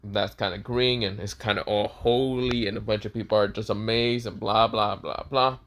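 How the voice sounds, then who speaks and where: A man's voice: on the low side, fairly even intonation, moderate pace, fairly bright tone, a little hiss or hum. A man casually narrating a fan story, rambling with lots of fillers and restarts.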